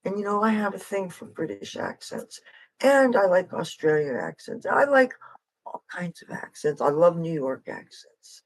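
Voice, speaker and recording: Speaking off the cuff to viewers, this adult streamer and street guitarist has a medium-pitched, sing-song voice at a moderate pace. The talk meanders loosely between subjects, dotted with frank, slightly wry asides, and stays casual and unpolished. The recording is rough.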